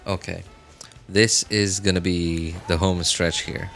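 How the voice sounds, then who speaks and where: A man's voice: low voice, flat delivery, slow, fairly bright tone. Sleepy, rambling male streamer. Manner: rambling, talks back to viewer chat. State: sleepy, yawning. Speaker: livestreamer. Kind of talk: casual gameplay livestream chat. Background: faint game music.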